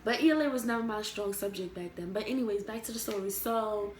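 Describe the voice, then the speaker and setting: A woman's voice: mid-range voice, fast, a little hiss or hum. A young adult woman telling a story from her school days to camera, rambling and full of fillers. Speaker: vlogger. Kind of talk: casual storytime. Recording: echoey room.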